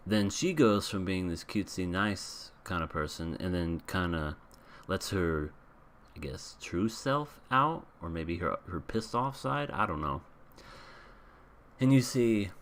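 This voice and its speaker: Low-voiced blunt male anime reviewer. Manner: candid, blunt, rambling with restarts. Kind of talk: casual recap and review.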